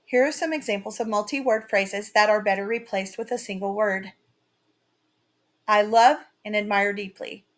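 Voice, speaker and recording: A woman teaching a writing lesson in a slow, carefully read-out, scripted delivery. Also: mid-range voice, fairly even intonation.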